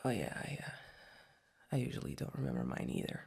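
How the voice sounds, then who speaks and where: A woman's voice: a bass voice, sing-song, fairly quick, creaky, darkish tone, husky, exaggerated voice. A woman in whispered role-play as a young adult girlfriend, talking in a hesitant, rambling way with lots of restarts. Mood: sleepy, tender.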